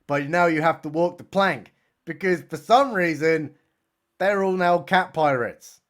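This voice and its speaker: A man's voice: on the high side, a little slow. A man voicing a chirpy, fawning Cockney male cat in a comedic recap. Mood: gushing. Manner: gushing, flattering.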